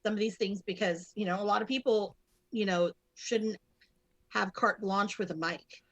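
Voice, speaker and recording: A woman talks through wrestling matches in a loose podcast chat, her pitch sitting in a middle range. She rambles, trails off, restarts and leans on fillers, and she can break into loud excited yelling. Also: normal speed. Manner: bursts into loud excited shouting. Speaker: guest co-host.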